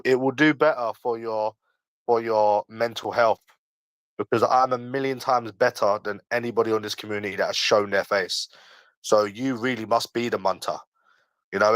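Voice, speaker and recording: A young man in his early twenties with a London accent hosts a casual livestream, answering chat in a defensive, argumentative, slangy way and repeating his points. His voice is lowish, steady and a bit bright, and he talks fairly quickly. The recording is low quality with no room sound.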